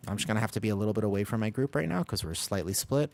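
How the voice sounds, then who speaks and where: A fairly low-pitched man talks casually to his viewers as he plays, drifting between game calls and self-deprecating jokes. His talk is loose and rambling, full of asides to chat. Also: animated, very fast, vocal fry. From United States. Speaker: streamer. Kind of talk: casual gaming stream chat.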